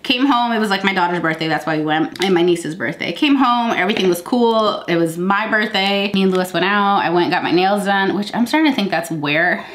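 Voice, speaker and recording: A woman's voice: medium pitch, a little fast, few pauses, fairly bright tone, roomy sound, slight background noise. A woman in her thirties with a cold and a stuffy nose, chatting casually to her viewers in a rambling way and laughing often. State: congested from a cold. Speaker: vlogger. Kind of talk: casual sit-down chat.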